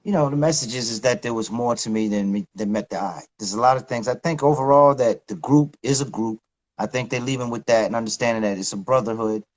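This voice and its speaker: Middle-aged male guest, mid-pitched voice, candid, slangy, reflective. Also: fast talker, poor audio. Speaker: guest, recording artist. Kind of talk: casual interview talk.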